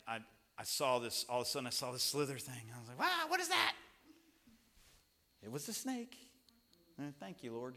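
Animated preacher man with a bright, forceful voice. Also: medium pitch. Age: young children at home, father. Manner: animated, swings between loud emphasis and hushed tones. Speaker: pastor. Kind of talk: sermon with personal stories.

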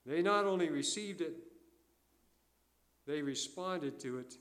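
An older man preaching a sermon in a folksy storytelling way, alternating loud emphasis with quiet asides. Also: on the high side, lively intonation, a little slow. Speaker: pastor.

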